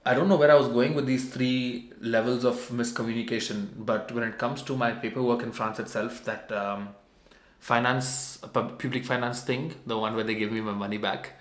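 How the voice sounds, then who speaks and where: A man's voice: medium pitch, steady tone, moderate pace. A young adult man telling a personal story as a vlogger, in a meandering, conversational and self-mocking way. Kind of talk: casual storytelling. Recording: roomy echo.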